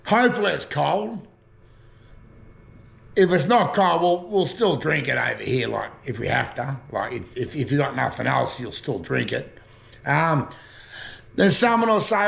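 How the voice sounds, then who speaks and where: Gravelly Australian bloke, rambling chat. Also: male voice, a little high, expressive, measured pace, long pauses, fairly bright tone. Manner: rambling, swears casually, laughs at own jokes. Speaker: vlogger. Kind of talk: casual chat explaining slang.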